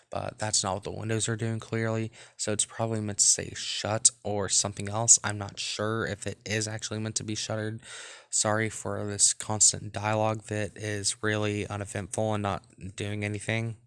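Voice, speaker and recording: Low-voiced man reading a game aloud. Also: vocal fry, fairly bright tone, clean tone. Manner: rambling casual asides. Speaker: let's play host. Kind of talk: reading a visual novel aloud with commentary.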